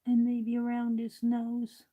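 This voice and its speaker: A woman talks to herself while she crafts on a livestream. Her speech is slow and unhurried, and her voice sits a little high. She muses aloud as she works. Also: monotone, narrow, tinny audio. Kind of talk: casual talk while crafting.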